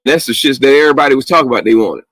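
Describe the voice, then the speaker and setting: Dude ranting on a late night call-in show, heavy cussing, aave, medium voice, dry close mic. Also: male voice, medium pitch, racing, dry recording. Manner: profane, animated ranting with laughs.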